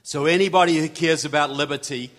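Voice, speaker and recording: His voice is a little high and fairly bright, steady and brisk. This New Zealander, speaking with a New Zealand accent, delivers an earnest, folksy guest talk to a live crowd, and the large hall adds reverb.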